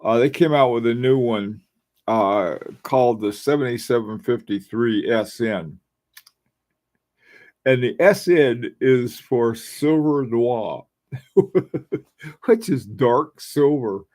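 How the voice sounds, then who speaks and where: A man's voice: medium pitch, takes it slowly, a little mellow. A middle-aged man hosting a casual live stream, rambling and musing with frequent fillers and restarts. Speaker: watch channel host.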